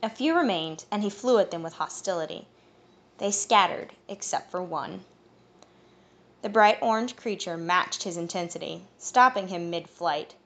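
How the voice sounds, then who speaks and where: A woman reading a fantasy audiobook in first-person narration, steady and even. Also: on the low side, normal speed.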